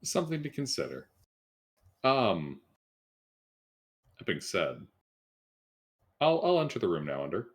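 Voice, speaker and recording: A male player thinks aloud about his character's next move. He hesitates and repeats words. His voice sits low. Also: huge pitch swings, measured pace, long pauses, slightly rough. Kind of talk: tabletop game chat.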